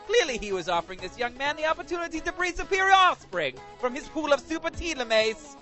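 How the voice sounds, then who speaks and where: A booming, over-the-top game show host, played by a man, declaims an outraged letter in a high, swooping voice. Every line comes out as a grandiose proclamation, bright and sharp in tone. Faint music sits underneath. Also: very animated, quick pace, exaggerated voice. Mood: indignant.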